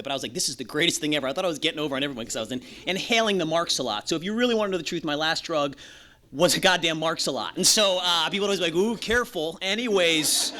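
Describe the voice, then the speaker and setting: A man's voice: fairly high pitch, sharp tone. A man sharing his own recovery story as a speaker at a meeting, candid and profane, joking and acting out the voices of others. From Los Angeles. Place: meeting room.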